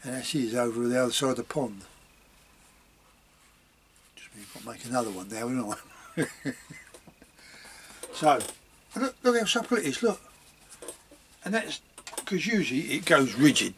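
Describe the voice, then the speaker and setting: A man's voice: medium pitch, animated, normal speed, gravelly, long pauses, a bit bright, a little hiss or hum. A man rambling casually about his leatherwork in a home vlog, chuckling at himself as he goes. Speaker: leatherworking hobbyist.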